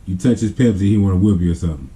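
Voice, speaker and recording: A family vlogger tells a family story at a rapid-fire pace in a low, mellow voice. He rambles casually, full of fillers and restarts.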